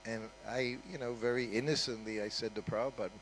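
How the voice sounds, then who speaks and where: A man's voice: medium pitch, fairly even intonation, fast talker, a little hiss or hum, low-quality recording. Older man telling stories in a talk. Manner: conversational, with frequent "you know" and "huh?" asides. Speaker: guest speaker at a temple. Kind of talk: anecdotal storytelling talk.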